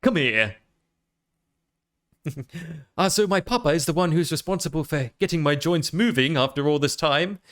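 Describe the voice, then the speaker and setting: A man's voice: a little high, a little fast, fairly bright tone. An Australian man chatting casually on a live stream, rambling and self-amused with plenty of fillers. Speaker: VTuber streamer.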